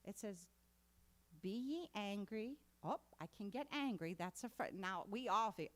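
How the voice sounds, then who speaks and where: Slow-spoken woman preaching a sermon. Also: medium pitch, expressive. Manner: conversational, rising to emphatic exhortation. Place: congregation meeting hall.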